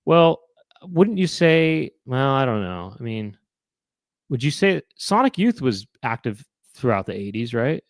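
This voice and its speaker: A man's voice: mid-range voice, big pitch swings, measured pace, no echo, studio quality. A man hosting a live online chat show, musing aloud to viewers in a rambling way, with many fillers and restarts. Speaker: host.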